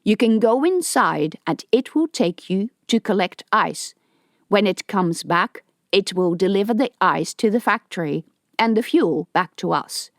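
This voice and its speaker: A woman's voice: mid-range voice, animated, a little slow, no echo, studio quality. A woman voicing a rebel leader in an audiobook, giving a defiant, rousing speech to a crowd. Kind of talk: audiobook character voice.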